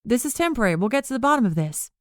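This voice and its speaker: A woman voicing a high, whiny young heroine. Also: sing-song, rapid-fire, no room sound, studio quality. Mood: determined. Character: spirited young woman with unruly powers.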